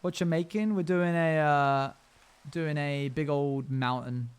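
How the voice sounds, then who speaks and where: A man's voice: fairly high pitch, measured pace, smooth. A young man live-streaming a game, chatting casually with his viewers in a rambling, self-amused way.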